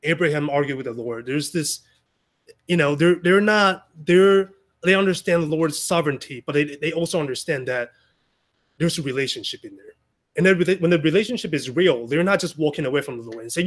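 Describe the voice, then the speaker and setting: A man's voice: a little high, fairly quick. A man giving an informal Sunday message to a small gathering, talking in a conversational way with many restarts and asides. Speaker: speaker sharing a Sunday message. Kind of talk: informal sermon.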